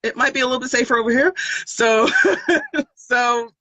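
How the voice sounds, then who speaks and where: A woman's voice: fairly high pitch, very fast, no echo, poor audio. A young woman with a New York accent, chatting casually as an interview guest and telling stories with frequent laughter. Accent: American, New York. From born in New York, raised partly in Trinidad and Tobago. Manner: laughs often, animated storytelling. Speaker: interview guest, singer and rapper.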